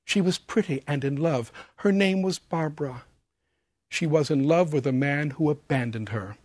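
A man reading the lines of a weary, sorrowful young heroine in a quiet, tired monotone. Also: on the high side, moderate pace, no echo, close to an everyday voice.

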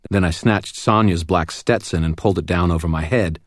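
A man narrating a first-person audiobook in a wry, steady storytelling manner. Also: low voice, brisk, dry recording, clean studio sound.

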